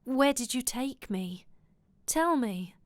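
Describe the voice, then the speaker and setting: Woman reading as a shaken young lover, whispered role-play, slow hushed pleading. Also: on the high side, expressive, no room sound. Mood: panicked. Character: frightened young man, tender lover.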